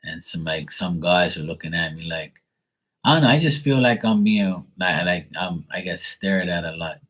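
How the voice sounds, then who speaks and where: On a casual livestream, a male tarot reader rambles and swears, packing his talk with fillers. His voice is low-pitched and expressive, fairly bright in tone, at a moderate pace, captured in a rough recording.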